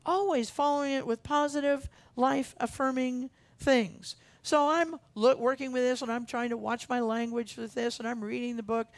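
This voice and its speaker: A woman's voice: high-pitched, steady tone, normal speed, hardly any pauses, no echo. A woman minister preaching a sermon in an earnest, emphatic way, repeating her key phrases for weight. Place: church sanctuary.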